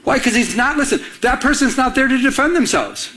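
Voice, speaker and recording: A middle-aged man from Michigan preaching a sermon in an animated way, often restarting his sentences. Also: very high voice, brisk, rough recording. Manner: animated, acts out little dialogues, frequent restarts. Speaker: pastor.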